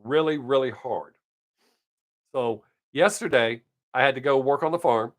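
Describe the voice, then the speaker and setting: A man's voice: mid-range voice, measured pace. A middle-aged man hosting his live stream, telling everyday stories in a casual, blunt way with swearing and frequent chuckles. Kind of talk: casual storytelling chat.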